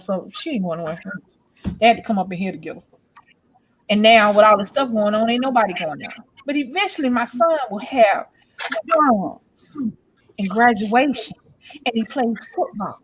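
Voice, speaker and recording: A woman's voice: on the high side, fairly bright tone, no room sound, poor audio. A woman in her forties telling a story in casual chat, blunt and profane, acting out both sides of an argument. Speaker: podcast co-host.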